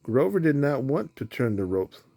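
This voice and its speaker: A man reading a children's picture book aloud at a slow, even pace. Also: medium pitch, gravelly. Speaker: storybook reader.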